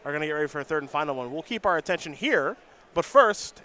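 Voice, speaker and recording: A man calls a card game tournament live, brisk and good-humored. His voice is bright and sits a little high, and he sometimes trips over the card names as he goes. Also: expressive, faint music behind. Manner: brisk, joking play-by-play with stumbles on card names. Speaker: play-by-play commentator.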